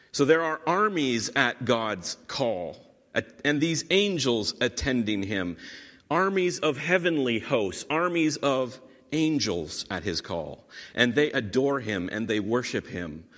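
A man's voice: mid-range voice, very animated, slow pace, a bit bright. Man preaching in a reverberant hall. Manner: dry asides, teaching with repeated emphasis. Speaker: pastor. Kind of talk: sermon.

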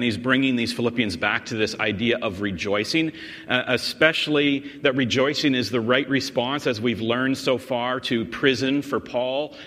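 A male pastor delivers an explanatory sermon at a mid-range pitch, pressing his points with emphasis. He often restarts and doubles words as he goes. His voice rings with a long reverb in a big church hall. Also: fairly bright tone.

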